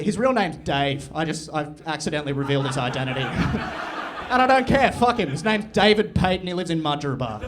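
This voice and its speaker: A young man doing crude, deadpan, absurd stand-up storytelling on a comedy club stage. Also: high-pitched. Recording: live venue, room noise and audience.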